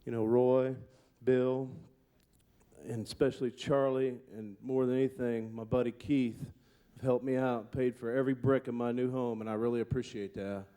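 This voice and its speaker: A man's voice: medium pitch, level tone, moderate pace, warm tone, clear, resonant tone. A middle-aged man, a monster truck driver, telling candid, heartfelt stories in an award acceptance speech.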